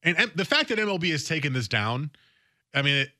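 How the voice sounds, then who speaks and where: A man's voice: on the high side, big pitch swings, fairly quick, pushed and bright, dry recording, clean studio sound. A man hosting a sports talk radio show, talking in a casual, opinionated way and often repeating words as he thinks aloud. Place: radio studio.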